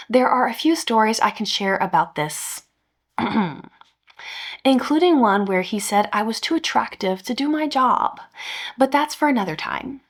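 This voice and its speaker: A woman, hosting a podcast and reading a revenge story aloud with dry asides. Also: medium pitch. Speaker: podcast host reading stories.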